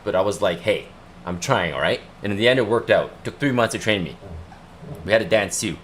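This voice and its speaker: Casting: young male streamer, low voice, loose rambling storyteller, faint room noise behind. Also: quick pace. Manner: chatty, rambling, repeats himself. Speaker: livestream host. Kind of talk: casual livestream storytelling.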